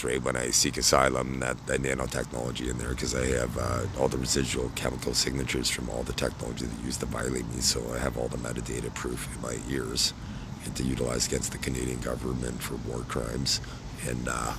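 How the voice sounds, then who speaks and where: A man talking casually to camera in a rambling, halting monologue full of fillers and tag questions. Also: very deep voice, vocal fry, noisy background. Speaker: vlogger.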